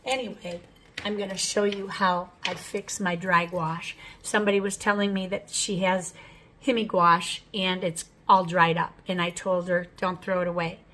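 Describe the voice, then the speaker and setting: A woman's voice: fairly low pitch, little pitch movement, moderate pace, bright, forceful tone, rough recording. A woman hosting her own art channel, talking through an unboxing in a chatty, rambling, frank way at home. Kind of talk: casual unboxing vlog.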